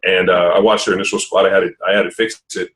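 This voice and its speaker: A man's voice: low-pitched, flat delivery, quick pace, a bit bright, low-quality recording. A man hosting a podcast, telling stories in a rambling, filler-heavy way. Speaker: podcast host. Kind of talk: casual podcast chat.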